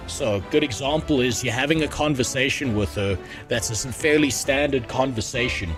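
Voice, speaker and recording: A man's voice: mid-range voice, brisk, over music. A man streaming a game, chatting casually, rambling and crude with a joking tone. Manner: rambling, crude, jokey, with frequent restarts. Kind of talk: casual gaming stream chat.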